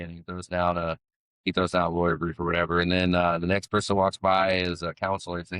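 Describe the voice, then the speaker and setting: A man co-hosting a podcast, chatting casually and telling an old story in a relaxed way, often repeating words as he goes. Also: low-pitched, quick pace, clear, resonant tone, dry recording, poor audio. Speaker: podcast co-host.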